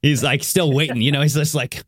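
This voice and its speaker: A man's voice: fairly high pitch, fairly quick, no room sound, clean studio sound. A man hosting a casual podcast chat, telling a story with lots of laughs and "dude". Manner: animated storyteller, laughs often, says "dude".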